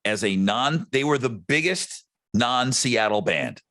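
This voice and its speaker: A man co-hosting a music podcast, talking in a rambling, excitable way with frequent restarts. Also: mid-range voice, unhurried, dry recording. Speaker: podcast co-host. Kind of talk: casual chat.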